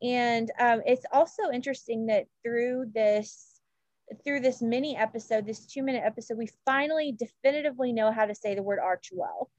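A woman's voice: fairly high pitch, fairly quick, a little mellow, no room sound, muffled recording. A woman co-hosting a podcast, chatting in a gushing way with lots of fillers and restarts. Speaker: podcast co-host. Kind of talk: casual chat about royal news.

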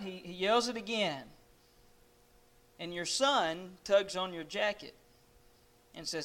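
A man's voice: high-pitched, takes it slowly, long pauses, fairly bright tone. A man preaching, telling a dramatic story in the second person to his listeners. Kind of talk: sermon storytelling.

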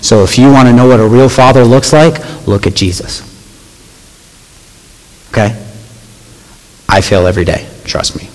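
A man's voice: medium pitch, moderate pace, long pauses. Conversational man preaching in an echoing hall. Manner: conversational, asks the audience "right?", reads scripture aloud. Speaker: youth pastor. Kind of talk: youth sermon. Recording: long hall reverb.

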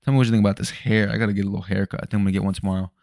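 A young man with a low, deep voice talks loosely into the mic. He rambles, swears freely and jumps between thoughts. The sound is dry and close. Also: flat delivery, racing, gravelly, darkish tone, dry recording. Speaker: podcast host. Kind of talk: casual solo podcast chat. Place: home room at night.

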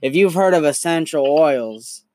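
A young man hosting a podcast in a casual, crude, animated storytelling manner. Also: on the high side, unhurried, noisy background. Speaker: podcast host.

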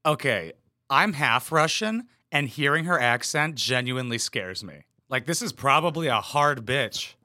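A man's voice: mid-range voice, lively intonation, unhurried, bright, forceful tone, dry recording. A young man making crude, sarcastic jokes as he comments on a reality show clip. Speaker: reaction commentator.

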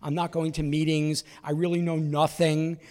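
A man's voice: a little high, level tone, normal speed, a little mellow, big-room sound. A man telling a long story as a stand-up comedian, in a conversational, wry manner that acts out the voices of the people he quotes.

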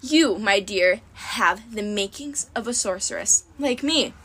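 A woman's voice: mid-range voice, lively intonation, unhurried, background noise, close to an everyday voice. A woman voicing a scheming sorceress who speaks in a silky, patronizing, smug way. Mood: persuasive. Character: scheming female sorceress, sweetly condescending.

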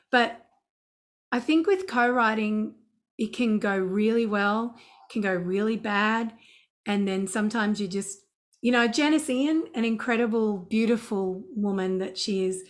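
A woman, a singer and songwriter, chatting in an interview and telling anecdotes. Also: medium pitch. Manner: chatty, anecdotal, animated storytelling. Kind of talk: casual interview chat.

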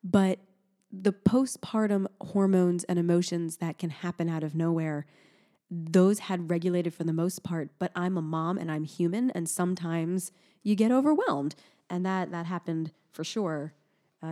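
A young adult woman co-hosting a podcast in casual chat, talking in an animated way, laughing often and sounding sleep-deprived. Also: lowish voice, moderate pace. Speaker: podcast co-host.

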